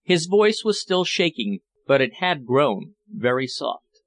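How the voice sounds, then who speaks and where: Male audiobook narrator, measured and even, steady storytelling. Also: medium pitch.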